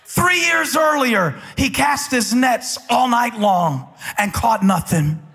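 A man preaching a sermon as pastor, building from quiet talk to impassioned shouting. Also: very high voice, lively intonation, takes it slowly, creaky, husky. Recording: large hall with long reverb.

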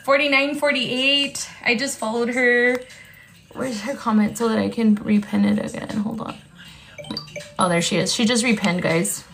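A woman with a fairly high voice talks excitedly and casually on a live sales stream, swearing as she goes. Her voice rings in a very echoey room, with faint music playing behind her. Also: moderate pace. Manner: excitable, chatty, swears freely. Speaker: TikTok live seller. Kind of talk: casual livestream sales chat.

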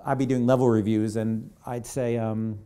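A man's voice: mid-range voice, flat delivery, moderate pace, warm tone, clean tone. A man speaking as a game creative director in a live presentation to an audience, conversational and rambling with many asides. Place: event hall on stage.

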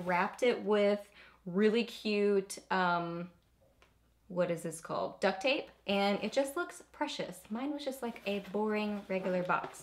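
A woman's voice: medium pitch, a bit bright, a little hiss or hum. A young woman beauty vlogger in casual unboxing chat, bubbly and gushing, often squealing with delight.

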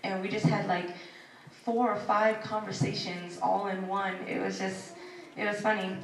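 A woman's voice: medium pitch, level tone, moderate pace, gravelly, distant mic, noisy background. A woman telling family stories at a memorial service, chatty and acting out the voices she quotes, on a handheld microphone. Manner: chatty storytelling, acts out quoted voices, laughs often. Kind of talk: sharing personal stories at a service. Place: packed hall at a memorial service. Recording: echoey hall, speaker off mic, crowd audible.

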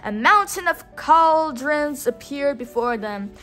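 A woman narrating a read-along storybook, pausing so a listener can repeat words. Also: high voice, expressive, a bit bright. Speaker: storytime reader.

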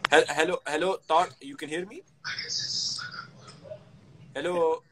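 A man joining a livestream by phone, talking in a halting, repetitive, mumbling way. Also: fairly high pitch, fairly even intonation, noisy background. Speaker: livestream guest. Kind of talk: casual chat.

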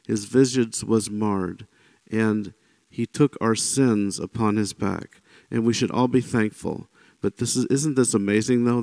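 A man leads an informal Bible teaching in a conversational, chatty way, often checking in with his listeners. His voice sits a little low and carries a gravelly rasp. The sound is dry and close, with no room around it. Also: no echo. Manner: conversational, often checks in with "right?" and "you know"; animated when voicing quoted speakers.

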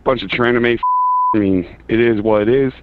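A man from Chicago calling in over a tinny phone line. He talks in a casual, blunt and slangy way, pushing back hard, and his voice sits at an ordinary mid pitch. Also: fairly even intonation, a little fast. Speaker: caller. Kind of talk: argumentative call-in.

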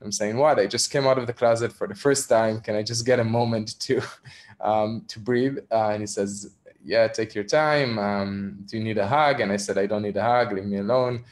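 A young adult man from Israel, an activist, candidly recounting a personal story in a virtual talk, with frequent ums and soft laughs. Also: on the low side, fairly even intonation, normal speed. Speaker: activist speaker. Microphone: video call.

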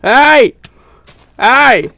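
Giggly, high-pitched gamer shouting at the screen. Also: expressive, extremely slow, gravelly, no room sound. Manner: giggly, yelps and shouts at in-game mishaps. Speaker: gaming commentator. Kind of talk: casual gameplay commentary.

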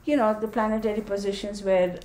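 A woman's voice: mid-range voice, steady tone, a little fast, a little mellow, reverberant, a little hiss or hum. A woman giving a casual tarot and astrology talk, reading dates aloud and chatting with viewers. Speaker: tarot reader.

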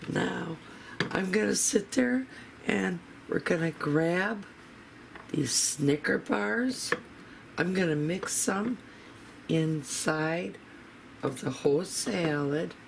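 Slow, gravelly home cooking vlogger. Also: medium pitch, background noise. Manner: chatty, talks straight to viewers. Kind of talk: casual recipe demonstration. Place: home kitchen.

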